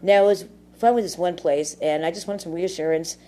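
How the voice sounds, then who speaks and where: A woman's voice: on the low side, a little fast, warm tone. A woman ranting casually to camera in a rambling, profane way, full of fillers. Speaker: vlogger.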